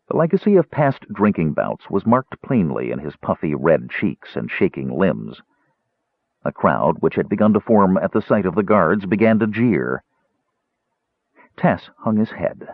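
Low husky male audiobook narrator. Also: no echo. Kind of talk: scripted narration. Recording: tinny narrow-band audio.

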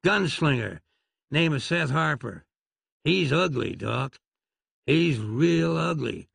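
A man voicing a blunt, worried frontier saloon woman with a twangy drawl, pitched up high. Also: animated, takes it slowly, creaky, fairly bright tone, slightly rough, no echo, studio quality, heavily acted. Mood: insistent. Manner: blunt and insistent.

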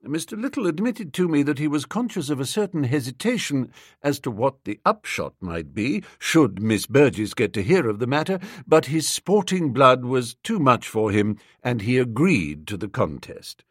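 Expressive male audiobook narrator. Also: mid-range voice, normal speed, hardly any pauses, husky, dry recording, clean studio sound. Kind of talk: scripted narration.

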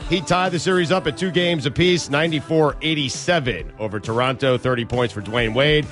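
A man reading a brisk sports news update as a radio co-host. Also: mid-range voice, a bit bright, faint music behind.

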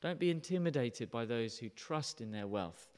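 A man preaching an animated, emphatic sermon, often putting questions to his listeners. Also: mid-range voice, moderate pace, smooth, big-room sound. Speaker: pastor.

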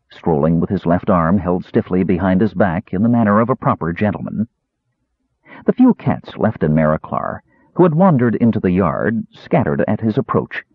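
Husky, lively male audiobook narrator. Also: fairly low pitch, no room sound. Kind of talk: scripted fantasy narration. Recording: dry, tinny phone-like sound.

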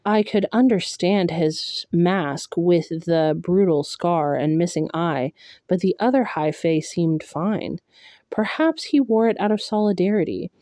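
A woman narrates a first-person novel in a measured, steady reading. Her voice is lowish and mellow, the pace slow, and the sound dry and close with no room. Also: no echo. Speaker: audiobook reader.

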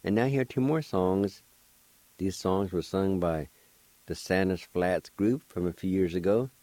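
A low-pitched man with a dark tone keeps a measured pace as he teaches language over the radio. With no room sound in the studio, he spells words letter by letter and carefully pronounces each syllable.

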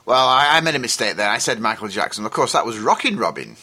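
A man's voice: medium pitch, very animated, fast. A man presenting a folk music radio show, joking and rambling between tracks. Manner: jokey, rambling asides.

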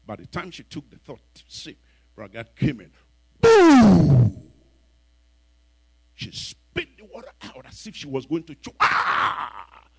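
A man, a bishop, telling a story in a sermon in an animated way, acting out the voices of the people in it. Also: mid-range voice, vocal fry, slightly rough. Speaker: bishop and preacher.

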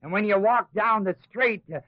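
A high-voiced man teaches scripture to a class in a preaching style. He drops into mocking asides, then builds his points with emphasis. The sound is a dry, tinny old tape with no room to it. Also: moderate pace, no room sound. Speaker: Bible teacher.

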